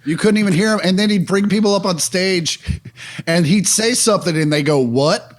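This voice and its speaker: A man's voice: high-pitched, fairly quick. A man co-hosting a podcast, telling a story in laid-back, casual chat. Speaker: podcast co-host.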